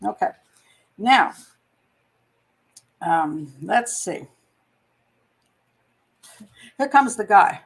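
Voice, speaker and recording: A woman's voice: medium pitch, animated, slow pace, poor audio. A woman hosting a show reads a book aloud and breaks off with wry, chatty asides about the text. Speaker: host. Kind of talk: reading a book aloud with commentary.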